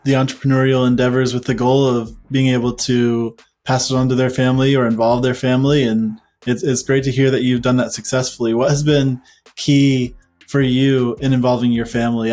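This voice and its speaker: A man hosting a podcast interview, who affirms his guest warmly before asking him a question. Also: medium pitch. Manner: encouraging and affirming. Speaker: podcast host.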